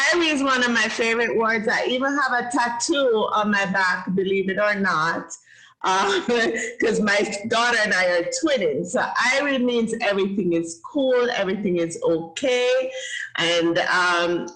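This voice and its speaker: A woman's voice: medium pitch, measured pace, a bit bright, low-quality recording. Upbeat Jamaican woman teaching kids. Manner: encouraging and upbeat, praises often. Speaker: host teaching children. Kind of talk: casual teaching chat.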